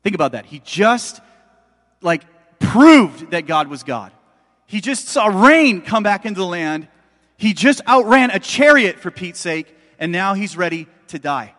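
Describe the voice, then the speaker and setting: A man's voice: high-pitched, big pitch swings, unhurried, a bit bright. A middle-aged man preaching a sermon as a pastor, in a conversational, emphatic way that speaks straight to the listeners. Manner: conversational, emphatic, addresses audience directly. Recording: long hall reverb.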